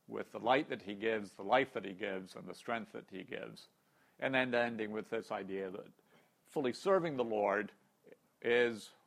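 A man giving a Bible study, reading verses aloud and explaining them in a measured way. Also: lowish voice, vocal fry, a bit bright. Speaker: Bible teacher.

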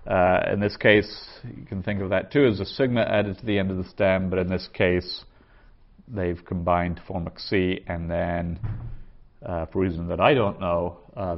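Male teacher, deep and unhurried, patient and methodical, muffled lo-fi sound. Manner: patient, methodical, repeats forms aloud. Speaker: Greek teacher. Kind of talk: slow spoken grammar lesson.

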